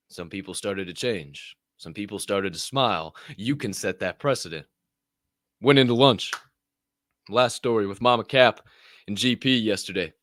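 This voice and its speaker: A middle-aged man co-hosting a podcast, telling stories casually with lots of swearing and loud acted-out quotes. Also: fairly low pitch, normal speed, long pauses, no room sound, clean studio sound. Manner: animated, profane, acts out other people's voices loudly. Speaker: podcast co-host. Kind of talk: casual storytelling.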